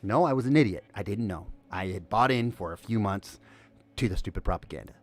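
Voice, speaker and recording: A man hosting a casual news commentary stream, sarcastic and animated, swinging between loud remarks and muttered asides. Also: lowish voice, brisk. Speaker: host.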